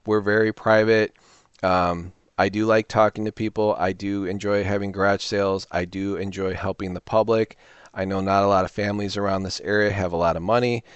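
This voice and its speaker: A man hosting a reseller channel, chatting casually and telling a rambling, animated story with quoted voices. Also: lowish voice, a little fast, smooth, no echo, highs cut off. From Illinois, US. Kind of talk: casual talking-to-camera vlog.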